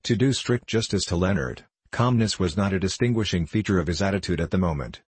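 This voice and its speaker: A man narrating a story in a measured, even way. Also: low voice, breathy edge, no room sound. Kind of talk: scripted audiobook narration.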